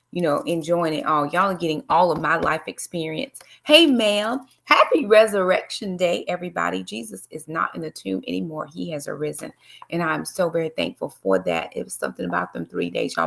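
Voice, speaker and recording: Gravelly-voiced woman live-streaming. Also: fairly low pitch, fairly bright tone. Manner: chatty, greets viewers by name, preachy asides. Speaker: livestream host and Bible study teacher. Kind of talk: casual live-stream devotional talk.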